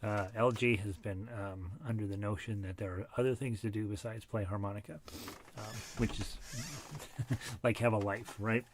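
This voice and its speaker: Middle-aged male group teacher, lowish voice, easygoing and joking, a bit winded. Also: fairly even intonation, moderate pace, a little hiss or hum. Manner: chatty and self-deprecating, with fillers and laughs. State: short of breath. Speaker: harmonica ensemble leader. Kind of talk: casual online group lesson.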